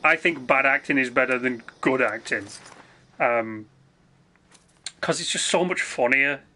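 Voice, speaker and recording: A man's voice: medium pitch, unhurried, bright, forceful tone, slight background noise. A man ranting casually on a live game stream, swearing freely, rambling and restarting his sentences. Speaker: gaming streamer.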